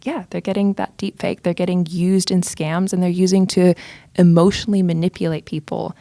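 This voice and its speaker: A woman, a security expert guest talking in casual podcast chat, animated, with quick bursts of emphasis. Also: lowish voice, no room sound, studio quality.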